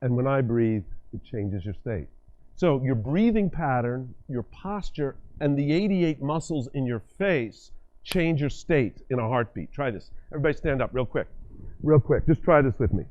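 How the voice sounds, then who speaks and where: A middle-aged man giving a live talk, leading the audience through exercises in an animated, directive way. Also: medium pitch, moderate pace. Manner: animated, directive, demonstrates states with his voice and body. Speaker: workshop speaker and communication coach. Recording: dull lo-fi lecture recording.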